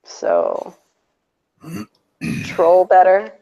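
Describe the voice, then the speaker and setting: A woman's voice: on the low side, sing-song, drawn-out words, warm tone. A woman hosting a stream in casual chat, sarcastic and chatty, laughing often. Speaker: stream host. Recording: dull lo-fi audio.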